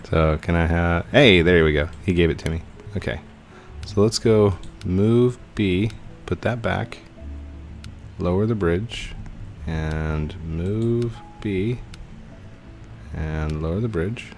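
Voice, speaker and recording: A man giving casual gameplay commentary as a channel host, excitable and laughing often, yelping when things go wrong. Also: deep voice, slow pace, long pauses, soft background music.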